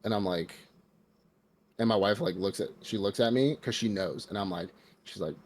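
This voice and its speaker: An American man with a fairly low voice recaps a movie on a casual podcast. He talks animatedly, fills his sentences with "like," and jumps into quoted lines of the characters as he goes. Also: moderate pace, a little hiss or hum. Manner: animated retelling with acted quotes, heavy filler "like". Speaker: podcast co-host. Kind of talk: casual podcast review chat.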